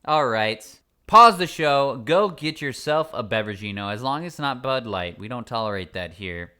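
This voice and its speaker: A man's voice: on the low side, lively intonation, moderate pace, fairly bright tone, clean tone. A man hosting a podcast in casual chat, playful and joking as he runs promos and talks with his co-host.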